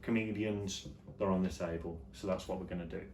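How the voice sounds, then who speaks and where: A man hosting his own vlog show, chatting casually and jokily about the news, his voice jumping between loud and quiet. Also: sits low, steady tone, a little fast, slight background noise. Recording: echoey room with faint ambience.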